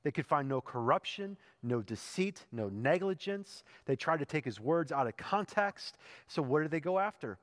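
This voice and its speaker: A man's voice: on the high side, expressive, moderate pace. A male pastor preaching a sermon in a church, telling the story in a conversational way and building to emphatic peaks. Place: church sanctuary. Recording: long reverb in a church hall.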